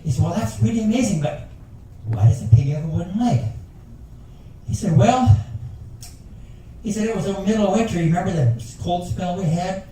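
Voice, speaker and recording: Sitting high in pitch, an older man's dark-toned voice moves fairly quickly as he tells folksy stand-up jokes with rambling asides at a passenger talent show. A faint hiss or hum runs underneath, and the echoey room is recorded from far away.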